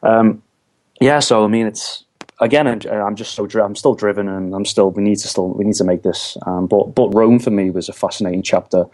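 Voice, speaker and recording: A man, a film director guest, talking casually in an interview with lots of halting restarts. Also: fairly low pitch, fairly even intonation, darkish tone. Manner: halting, many repeated restarts.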